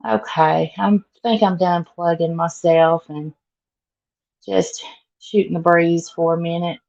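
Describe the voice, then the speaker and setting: A woman's voice: on the low side, fairly even intonation, slow, vocal fry, a little mellow, dull audio. A middle-aged woman with a Southern accent, chatting casually with live viewers and greeting them by name. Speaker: vlogger.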